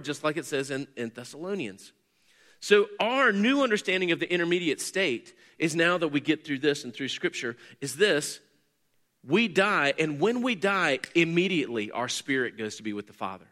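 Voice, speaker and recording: A man's voice: fairly high pitch, pushed and bright. A man teaching a sermon in an earnest, explanatory way, lifting his voice on key points. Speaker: pastor or teacher.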